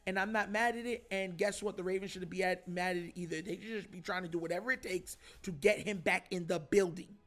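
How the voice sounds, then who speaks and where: A man hosting his own show, giving an emphatic, animated sports opinion monologue and calling his viewers y'all. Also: sits high, fairly quick, few pauses. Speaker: host.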